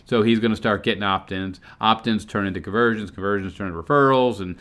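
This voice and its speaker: This middle-aged man talks fast in a lowish voice, delivering an earnest, excitable motivational pitch to camera about his online business. When he gets fired up, his voice leaps upward.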